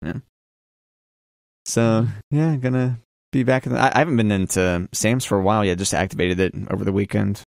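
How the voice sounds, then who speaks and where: A laid-back man co-hosting a radio show, his voice low and gravelly with plenty of fry. He chats wryly and tosses out easy questions. The studio mic gives a close, dry sound with no room in it. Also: brisk, no echo. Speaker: radio co-host. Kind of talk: casual on-air chat.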